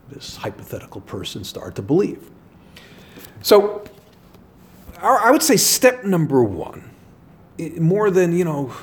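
A man's voice: mid-range voice, a little mellow, slight background noise. A male priest giving a spoken meditation in a conversational, storytelling way, with many fillers.

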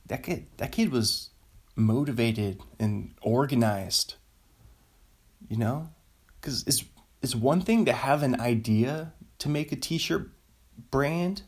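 A man's voice: mid-range voice, vocal fry, darkish tone. A man in his thirties hosting a solo podcast, rambling, cutting himself off and laughing at his own jokes. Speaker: podcast host.

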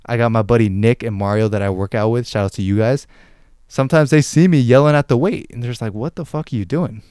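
A man's voice: medium pitch, quick pace, a little mellow, clear, resonant tone, no room sound, clean studio sound. A man hosting a motivational podcast, urging listeners on with intense exhortation and frequent swearing. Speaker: podcast host.

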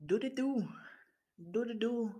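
A woman doing a calm Jamaican mother. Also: a little high, unhurried. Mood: reassuring.

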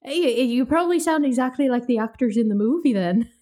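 A woman hosting a casual podcast chat, playful and quick to laugh. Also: high-pitched, expressive, mellow. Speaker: podcast host.

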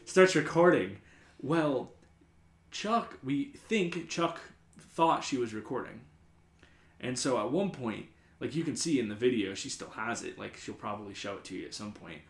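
A man's voice: mid-range voice, normal speed, roomy sound. A man hosting a podcast, telling a story in casual chat, rambling with lots of "like" fillers. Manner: rambling, many "like" fillers, animated retelling. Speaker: podcast host.

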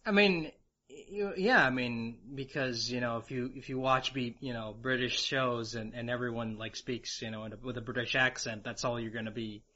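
A man with an American accent chatting casually, talking in halting bursts with many fillers. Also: mid-range voice, steady tone, sharp tone, dull audio. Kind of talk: casual podcast chat.

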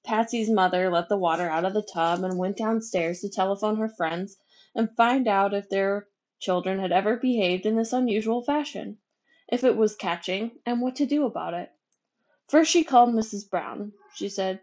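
A woman reading a children's book chapter aloud, with lively, expressive delivery. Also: mid-range voice, moderate pace, lo-fi sound. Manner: expressive, animated. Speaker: storybook reader. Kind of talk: children's story read-aloud.

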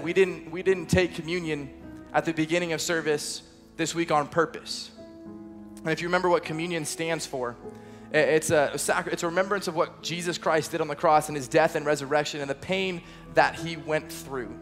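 High-voiced young man preaching casually. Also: fairly bright tone. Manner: earnest, conversational preaching with playful asides. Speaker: youth pastor. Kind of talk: sermon. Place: church auditorium, service also streamed online.

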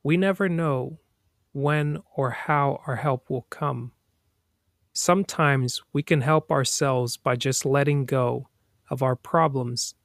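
A man hosting a podcast, reading a daily motivational passage aloud in a slow, deliberate way. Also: mid-range voice, no echo, studio quality. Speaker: podcast host.

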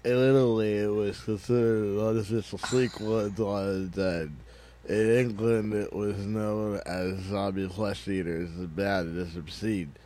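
A man's voice: lowish voice, steady tone, measured pace, warm tone. A man co-hosting a casual podcast, reading old movie blurbs aloud in a mock-dramatic trailer style and breaking into laughs. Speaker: podcast co-host.

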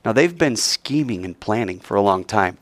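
Animated man retelling a Bible story. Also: fairly low pitch, normal speed, no echo. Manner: animated, digressive, acts out characters. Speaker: teacher.

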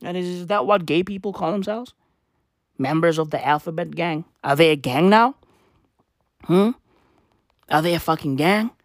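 A man's voice: fairly high pitch, normal speed, pauses often, no room sound, studio quality. A man in a profane, rambling comedic rant who repeats his phrases and swears constantly. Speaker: vlogger.

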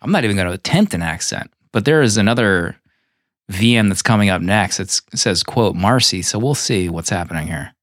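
A man's voice: on the low side, expressive, brisk, a bit bright, no room sound, studio quality. A man hosting a podcast in easygoing, rambling chat. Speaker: podcast host.

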